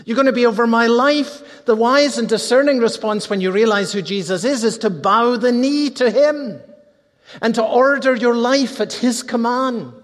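A man preaching a sermon with earnest, fervent delivery, repeating key phrases slowly for emphasis. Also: extremely high pitch. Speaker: pastor. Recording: long reverb of a large hall.

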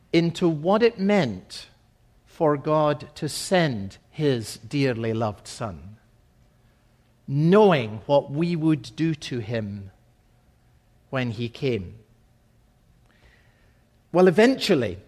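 High-voiced male preacher delivering a sermon. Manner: expressive preaching, slowing and dropping softly on key phrases. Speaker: pastor.

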